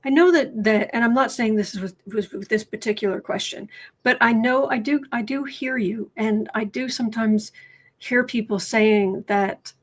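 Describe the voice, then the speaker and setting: An American woman with a fairly high voice hosts a livestream on tarot and politics. She chats casually with viewers, frequently stopping and starting over as she thinks out loud.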